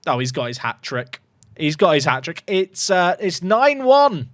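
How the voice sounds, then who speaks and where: A man commentating his own football management game, excitable and jokey, reacting loudly to goals. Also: on the high side, unhurried, no echo, clean studio sound. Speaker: gaming YouTuber.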